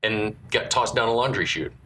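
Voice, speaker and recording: A man's voice: fairly low pitch, moderate pace, sharp tone, poor audio. A man co-hosting a podcast in casual movie chat, making dry sarcastic asides. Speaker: podcast co-host.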